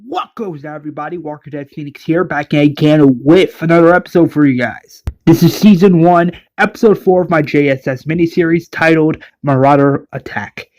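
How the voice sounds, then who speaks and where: A man's voice: on the high side, fairly even intonation, a little fast, hardly any pauses, a little mellow. A man casually narrating a recap of his own fan-made series. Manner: casual, loose, filler-heavy.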